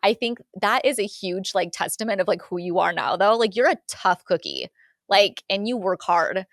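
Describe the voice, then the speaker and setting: A woman's voice: medium pitch, lively intonation, moderate pace, vocal fry, no room sound. A female podcast host in a mid-range register responds to her guest with affirmation and encouragement, then leads into the next question. The recording is dry and close. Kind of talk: conversational interview.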